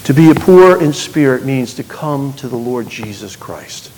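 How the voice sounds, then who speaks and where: A man preaching a sermon, reading scripture aloud with sharp swings between loud, high bursts and quiet, low passages. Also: expressive, normal speed, in a large hall. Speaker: pastor.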